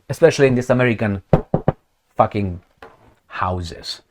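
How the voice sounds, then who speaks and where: Mocking, animated male commentator. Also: a little high, normal speed, pauses often, slight background noise. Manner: sarcastic, mocking, emphatic. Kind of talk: profane political commentary.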